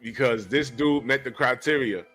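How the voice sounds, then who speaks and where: A man's voice: mid-range voice, normal speed, over music. A man hosting a casual podcast, animatedly retelling a movie plot with sudden jumps in voice. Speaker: podcast host. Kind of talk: casual movie recap chat.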